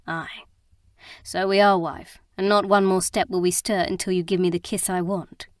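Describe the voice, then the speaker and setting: A woman reading the part of a blunt, teasing young husband in an audiobook, in a gruff, frank manner and dry sound. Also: on the low side, level tone, moderate pace, no room sound, lightly acted.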